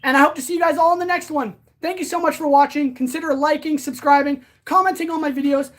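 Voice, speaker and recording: A woman who talks fast, in a high voice with a steady tone, hosts a casual blacksmith livestream. Breathless between sword swings, she keeps up a chatty back-and-forth with her viewers.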